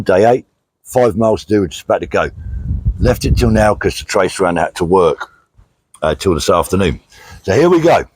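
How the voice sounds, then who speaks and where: A middle-aged British man with a fairly low, slightly mellow voice and a breathy edge hosts a casual vlog while on a country walk outdoors. A charity walker, he chats plainly with many fillers and reads out thank-yous to donors.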